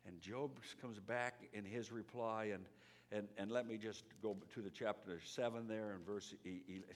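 A man's voice: fairly low pitch, normal speed. Emphatic man preaching a sermon. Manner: lively, emphatic, with frequent restarts and dramatic drops to a whisper. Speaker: pastor.

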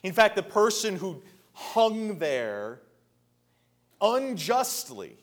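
A man preaching a sermon earnestly, swinging between loud emphatic lines and hushed, quiet passages. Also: sits high, sing-song, slow. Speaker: pastor.

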